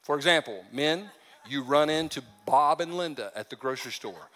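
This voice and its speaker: A pastor with a slightly high, bright, forceful voice preaches at normal speed and with lots of expression, his words ringing through the long reverb of a large church sanctuary. He keeps the sermon humorous and conversational, voicing the characters in his stories.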